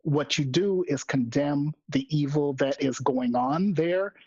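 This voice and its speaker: A man's voice: fairly high pitch, unhurried, dark tone, dry recording. A man co-hosting a gaming podcast, giving his opinion in a firm, plain-spoken way. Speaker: podcast co-host. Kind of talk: casual podcast discussion. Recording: dull lo-fi dry sound.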